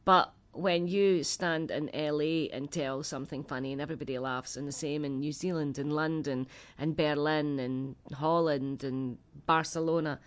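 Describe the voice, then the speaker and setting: A woman in her forties with a Glaswegian Scottish accent, a comedian chatting as a radio interview guest in a quick-witted, self-deprecating way. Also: low voice, steady tone. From Scotland. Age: 40s. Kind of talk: casual radio interview chat.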